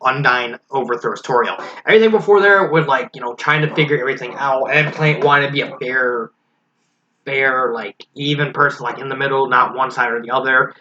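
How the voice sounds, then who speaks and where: Bright-voiced man giving a frank review. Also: mid-range voice, fairly quick. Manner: frank, critical, thinking aloud. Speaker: fan fiction reviewer. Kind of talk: casual spoken review. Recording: slightly dull lo-fi recording with faint hiss.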